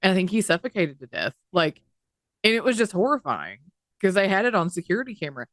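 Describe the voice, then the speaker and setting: A woman's voice: mid-range voice, very animated, fast talker, fairly bright tone, dry recording, clean studio sound. A woman co-hosting a podcast in casual chat, talking indignantly at length and swearing freely. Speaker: podcast co-host.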